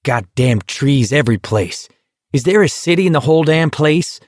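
Male narrator doing a crude brawny young tough, sneering, foul-mouthed, a bit higher than the narrator's own voice, very dry sound. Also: animated, moderate pace, dry recording, lightly acted. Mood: scornful.

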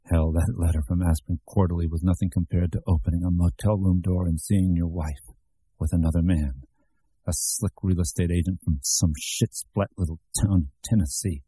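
Man reading brooding, rattled male writer; low bitter muttering, husky. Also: fairly even intonation, normal speed, mellow, no echo.

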